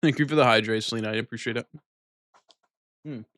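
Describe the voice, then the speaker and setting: A man's voice: medium pitch, a bit bright, no room sound. Male streamer, chatty and profane, dry booth-like audio. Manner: loose, swearing, ends lines with a cat-like "nyan" tic; talks while eating, mumbled and unhurried. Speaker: live streamer. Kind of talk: casual chat with viewers.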